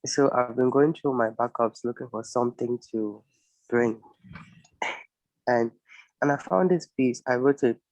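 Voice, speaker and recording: A man with a Cameroonian English accent, a poet who first explains himself in a halting, earnest way and then recites a spoken-word poem in a steady, solemn voice. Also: medium pitch, dry recording, low-quality recording.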